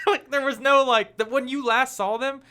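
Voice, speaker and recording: A man's voice: very high-pitched, fairly even intonation, moderate pace, sharp tone. A man co-hosting a podcast, chatting casually about a movie and mimicking people in exaggerated voices. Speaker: podcast co-host. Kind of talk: casual movie review chat.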